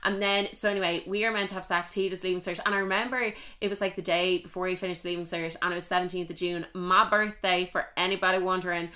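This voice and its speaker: A woman's voice: lowish voice, quick pace, hardly any pauses. Chatty young Irish woman podcaster. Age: young adult. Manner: chatty, candid, animated, swears freely. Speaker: podcast host. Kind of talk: casual confessional storytelling.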